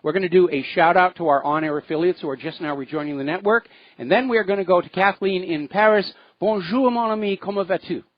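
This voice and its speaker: Male call-in radio host, opinionated, filler-heavy, a bit high-pitched, dry lo-fi audio. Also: quick pace, no echo. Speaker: radio talk show host. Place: Hawaii studio.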